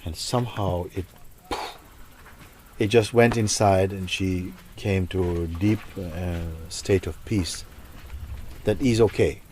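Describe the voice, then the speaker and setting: A man, a spiritual teacher, telling a story to listeners in a reflective, soft-spoken way that often sinks almost to a whisper. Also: low voice, fairly even intonation, slow, a little hiss or hum.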